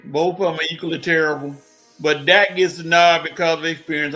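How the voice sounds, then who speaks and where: A man, a guest on a casual sports talk show over a video call, giving unhurried, dry, joking picks. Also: a little high, flat delivery, pushed and bright, soft background music.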